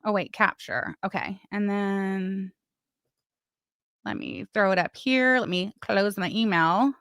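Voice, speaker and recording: A woman's voice: medium pitch, lively intonation, takes it slowly, a bit bright, dry recording, studio quality. A woman hosting a casual livestream, chatting and reading messages with sarcastic asides. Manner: chatty, sarcastic, talks to chat while doing other things. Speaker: livestream host.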